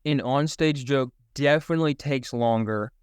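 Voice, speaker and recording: A young man with a smooth, clean voice tells rambling stories about his comedy, laughing easily. His voice sits at an ordinary pitch, and the recording is close and dry. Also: normal speed, dry recording. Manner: animated, laughs often, rambling storytelling. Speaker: comedian guest. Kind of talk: casual podcast chat.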